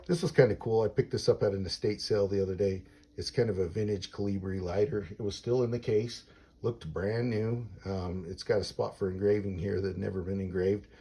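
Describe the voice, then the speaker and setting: A man casually showing off his everyday-carry gear, relaxed with lots of filler sounds. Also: lowish voice, a little fast, husky. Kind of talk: casual show-and-tell.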